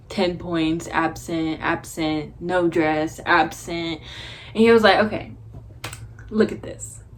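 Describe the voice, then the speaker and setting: A woman's voice: lowish voice, a little hiss or hum. A teenage girl vlogging casually, telling a story in a chatty, blunt way and swearing freely. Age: teens.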